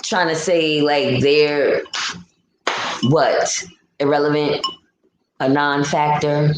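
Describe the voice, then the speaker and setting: A woman with a notably low voice talks through a casual live-stream commentary. She rants bluntly and reads out chat comments. The sound bounces around an echoey room with a faint hum behind her. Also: flat delivery, takes it slowly. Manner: blunt, opinionated ranting while reading chat comments. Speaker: livestream host.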